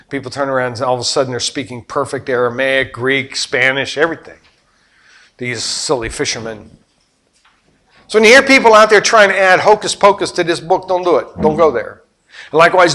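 Animated bright-voiced male preacher. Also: fairly high pitch. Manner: animated storytelling, swings between loud and hushed. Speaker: pastor. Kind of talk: sermon.

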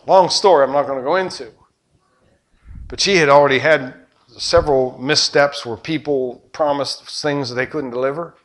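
An older man preaching a sermon as a pastor, with rhetorical questions and passion that surges loud and then drops low. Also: moderate pace. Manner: impassioned preaching, rhetorical questions, surging and dropping loudness.

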